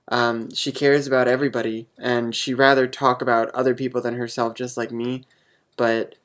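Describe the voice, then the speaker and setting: Young man vlogger, unsure and halting, earnest, wears his heart on his sleeve. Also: mid-range voice. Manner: hesitant, halting, full of ums; earnest and openly emotional. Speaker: vlogger answering viewer questions. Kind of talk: casual chat to camera.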